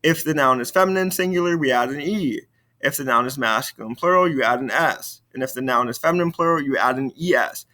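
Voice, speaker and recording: A man teaching a recorded French lesson, slowly modeling words for students to repeat. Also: mid-range voice, pushed and bright. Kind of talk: recorded video lesson with repetition drills.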